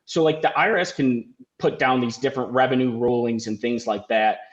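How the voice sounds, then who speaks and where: A man's voice: mid-range voice, fairly quick. Man on a dull lo-fi podcast line. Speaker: podcast co-host. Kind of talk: casual chat.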